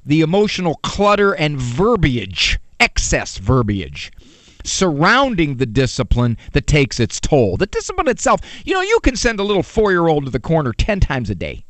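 A man gives a parenting talk full of jokes and rhetorical questions. His voice is high and swings widely. The sound is dry and close. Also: normal speed, no echo. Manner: animated, joking asides, rhetorical questions. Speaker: parenting speaker.

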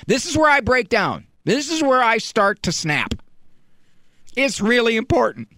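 A man's voice: very high-pitched, big pitch swings, measured pace, bright, forceful tone, no room sound, clean studio sound. A man hosting a radio show, delivering a comedic monologue with exasperated, pleading storytelling.

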